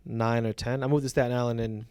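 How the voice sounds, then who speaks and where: A man talks in an easy, unhurried way. He tells his story reflectively and fills his sentences with casual fillers. His pitch sits in an ordinary middle range. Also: level tone, darkish tone, clean tone, no echo. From Brooklyn, New York. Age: 40s. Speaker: teacher, podcast guest. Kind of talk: casual conversational interview.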